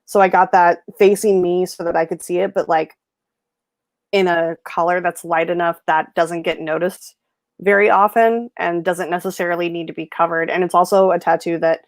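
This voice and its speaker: A woman hosting a casual livestream chat, telling stories in a lively way and acting out the people she quotes. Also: on the low side, normal speed, dry recording. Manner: chatty storyteller, animated quoted voices. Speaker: host.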